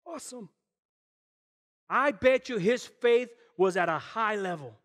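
A man preaching an animated sermon as guest pastor, telling stories and talking directly to the congregation. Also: high-pitched, measured pace, long reverb tail. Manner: storytelling, acts out voices, addresses the congregation. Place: church.

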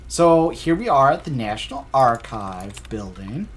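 A man streaming a game live, reacting with excitable, jokey commentary and frequent laughter and swearing. He talks slowly, stretching his words out, while his pitch leaps around animatedly.

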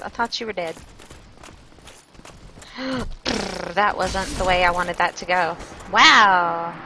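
A woman's voice: mid-range voice, slow, pauses often, noisy background. A woman streaming a game, chatting casually with viewers and joking about her own play. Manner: chatty and self-mocking, greeting chat viewers. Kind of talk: casual gameplay commentary.

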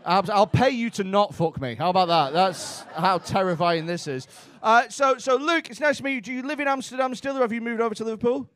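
A man's voice: sits high, expressive, a little fast, hardly any pauses, fairly bright tone. A young man doing stand-up crowd work, brash and teasing, with plenty of swearing, on a comedy club stage. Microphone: handheld stage mic.

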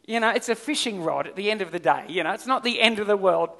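A middle-aged Australian man delivers a sermon in a high voice. His tone is bright and forceful, and he tells stories with lively energy, circling back over his points. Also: fast talker, vocal fry. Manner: storytelling, animated, repeats himself. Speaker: pastor.

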